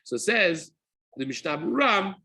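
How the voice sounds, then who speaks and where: Bright, husky-voiced rabbi teaching. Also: male voice, high voice, very animated, normal speed. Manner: explanatory, repeats and rephrases, mixes Hebrew terms into English. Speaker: rabbi teaching daily halacha. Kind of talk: spoken Torah class.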